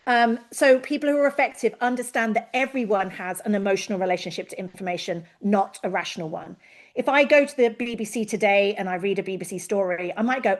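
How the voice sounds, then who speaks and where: A woman presents as an invited expert to an online learning session over a video call. She talks fast and lively, acting out quoted voices with big jumps in pitch.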